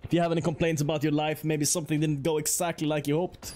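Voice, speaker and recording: A man's voice: fairly high pitch, quick pace, darkish tone, soft background music. A man streaming a card game, chatting casually and joking as he plays. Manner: playful, joking, laughs often, mock-French asides. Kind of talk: casual gameplay commentary.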